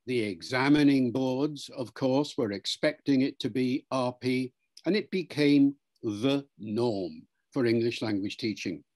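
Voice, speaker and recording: A man explains things in an unhurried, lecturing manner, like a patient expert taking a question. His voice sits at an ordinary pitch for a man, neither high nor low. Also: darkish tone. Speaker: interviewed language expert. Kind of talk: explanatory interview answer.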